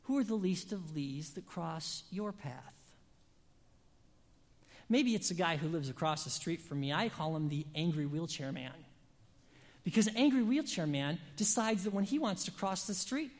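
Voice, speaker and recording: In a church sanctuary, a preacher delivers an expressive, emphatic sermon with dramatic pauses, swinging between loud passages and hushed, near-whispered lines. The pitch stays in an ordinary middle range, and the voice fades into a long hall reverb.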